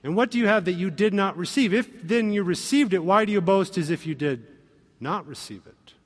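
A man preaching a sermon as pastor, animated and acting out quoted voices. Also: sits high, fairly quick. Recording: long reverb of a hall.

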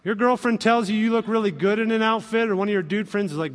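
A man preaching a sermon as pastor, animated and acting out quoted voices. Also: sits high, quick pace, few pauses. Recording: long reverb of a hall.

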